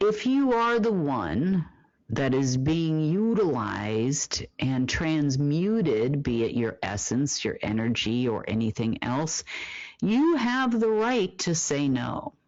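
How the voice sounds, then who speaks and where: A host delivering a monologue report, asking rhetorical questions and answering them, with drawn-out emphasis and frequent fillers. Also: mid-range voice, big pitch swings, darkish tone, no room sound, dull audio.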